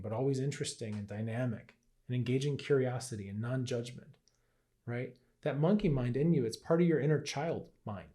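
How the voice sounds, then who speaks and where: A mellow man with a mid-range voice teaches health and Qigong in a relaxed, chatty talk to camera. Frequent "right?" checks and playfully acted inner voices run through his delivery.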